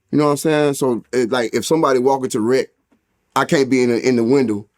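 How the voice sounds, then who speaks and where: A man's voice: mid-range voice, brisk, no echo, studio quality. A man casually telling a jail story, acting out the dialogue in a raised voice. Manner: animated, acts out dialogue in a raised voice, heavy cursing.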